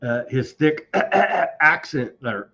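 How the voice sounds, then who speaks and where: A man's voice: mid-range voice, big pitch swings, very slow, sharp tone. A man co-hosting a news commentary show, talking sarcastically and tripping over foreign names. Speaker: co-host. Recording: dull lo-fi audio.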